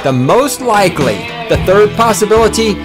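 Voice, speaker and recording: A man hosting a podcast from a small studio, ranting loudly and boastfully with heavy swearing. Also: high voice, big pitch swings, moderate pace, over music. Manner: loud, fired-up, profane and boastful. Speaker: podcast host. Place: small recording studio with a control room.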